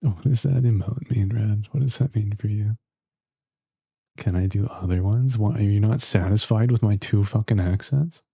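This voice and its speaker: Gravelly, husky-voiced male streamer. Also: on the low side, moderate pace, warm tone, no echo. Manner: joking, bantering with chat, talks to self while gaming. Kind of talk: casual live-stream chat.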